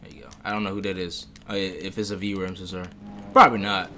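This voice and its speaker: A man streaming live gameplay, talking casually, excitable and swearing a lot, sometimes making gun-sound noises. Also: deep voice, racing, soft background music. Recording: game noise under the voice. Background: loud game sound effects.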